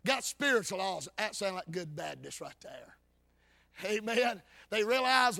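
Very high-voiced fervent preacher. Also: male voice, animated, a little slow, creaky. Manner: fervent folksy preaching, swings from loud calls to low asides. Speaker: Baptist preacher. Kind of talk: sermon.

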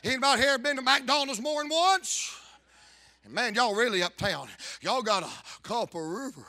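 A man preaching a fervent revival sermon, bursting into loud shouts. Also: extremely high pitch, expressive, moderate pace, no echo.

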